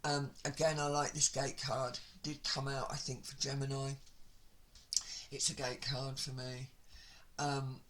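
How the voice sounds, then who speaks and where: A woman's voice: very deep voice, little pitch movement, measured pace. A woman giving a casual tarot reading, chatting and talking to herself as she lays out the cards. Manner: chatty, talks to herself while laying out cards. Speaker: tarot reader. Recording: loud background noise with card shuffling.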